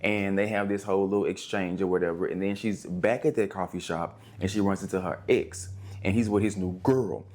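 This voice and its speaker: A man's voice: sits low, fairly even intonation, a little fast, darkish tone. Chatty young man reviewing books. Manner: chatty, rambling, with frequent restarts and slang. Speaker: book reviewer. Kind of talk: casual book review vlog.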